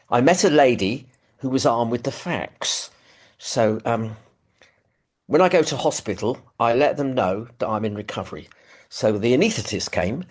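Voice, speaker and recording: London man sharing his story on a video call. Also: medium pitch. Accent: London English. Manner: self-deprecating, rambling with fillers. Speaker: recovery meeting speaker. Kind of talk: personal testimony, casual. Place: living room at home.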